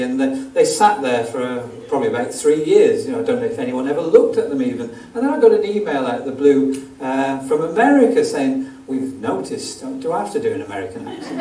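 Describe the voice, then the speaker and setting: In a theatre auditorium, a man invited as a wildlife photographer presents slides on moths to a club audience, rambling and poking fun at himself with many ums. His voice is mid-range and mellow, and the hall sounds echoey and distant with faint hiss.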